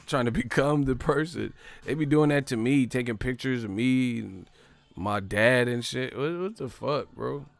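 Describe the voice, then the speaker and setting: A man's voice: mid-range voice, moderate pace, creaky, no echo. A man hosting a livestream, ranting in a brash, profane, casual way and laughing often. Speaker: livestream host.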